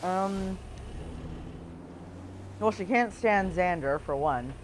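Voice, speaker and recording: A woman's voice: on the low side, animated, slow, low-quality recording. A woman chatting casually and bluntly while playing a game with a friend, laughing often. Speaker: gaming co-player. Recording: noticeable background noise.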